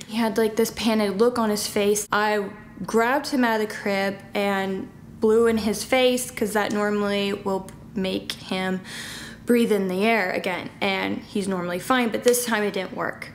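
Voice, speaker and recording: A woman vlogging about a frightening day with her baby, tearful and halting, with many fillers and small nervous laughs. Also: mid-range voice, fairly even intonation, a little hiss or hum. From Southern California. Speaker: vlogging mom. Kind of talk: emotional personal account.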